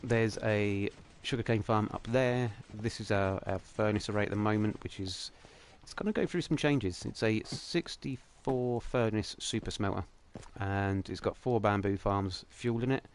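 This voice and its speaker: A young man hosts a game livestream in casual, rambling commentary. His voice sits a little low, and he keeps the talk light and jokey. A faint hiss runs under the recording. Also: normal speed, few pauses. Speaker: livestream host.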